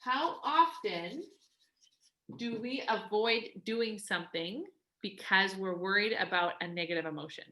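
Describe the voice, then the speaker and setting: A woman's voice: mid-range voice, measured pace, pushed and bright. A woman life coach talking casually to a live coaching group. She is chatty, says "like" often and acts out quoted voices.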